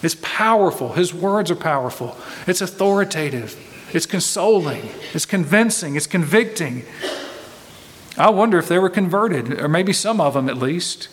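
A man's voice: high-pitched, lively intonation, moderate pace, a little hiss or hum. Earnest preacher man in a reverberant hall. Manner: earnest, emphatic, repeats phrases for stress. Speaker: pastor. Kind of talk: expository sermon. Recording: long reverb from a large hall.

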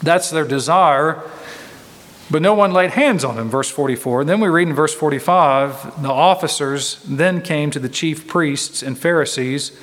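A man preaching in an earnest, emphatic way, leaning on repetition to drive each point. His voice sits a little higher than most men's. It rings with the long reverb of a large hall. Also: measured pace, a bit bright. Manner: earnest, emphatic, repeats phrases for stress. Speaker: pastor. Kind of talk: expository sermon.

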